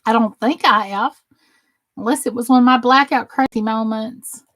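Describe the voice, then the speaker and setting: With a Southern American accent and a voice on the high side, a bit bright, at a moderate pace, this middle-aged woman hosts a crafting livestream. She jokes casually with viewers, reading out their comments and answering each one.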